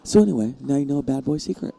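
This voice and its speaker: A man's voice: mid-range voice, very fast, gravelly, warm tone, slight background noise. A man giving chatty live commentary on a pool match, rambling and dropping to a near-whisper during shots.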